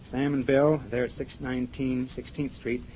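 A man hosting a live radio show, chatting with a guest and reading sponsor gifts in a brisk, chatty manner. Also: mid-range voice, little pitch movement, a little mellow. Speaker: radio host. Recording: dull 1950s radio broadcast with faint hiss.

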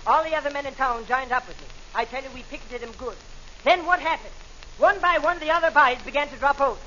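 A high, bright, blustering crank who hates barbers, as a man puts him on for a 1940s radio comedy sketch. He talks in a stage brogue, dropping "me" for "my" and flaring into indignant outbursts. The sound is dull and lo-fi, like an old radio broadcast. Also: fast talker, a little hiss or hum.

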